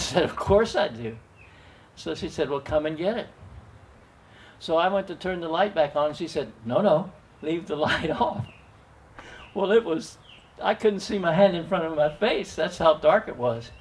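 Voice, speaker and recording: An older man telling a personal story at an open mic, gentle and folksy, chuckling now and then. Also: on the high side, husky.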